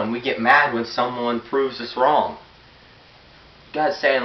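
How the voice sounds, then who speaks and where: A man's voice: medium pitch, steady tone, takes it slowly, pauses often. A teenage boy giving an earnest, blunt sermon and reading scripture aloud. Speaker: youth preacher. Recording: roomy, dull, hissy, far from the mic.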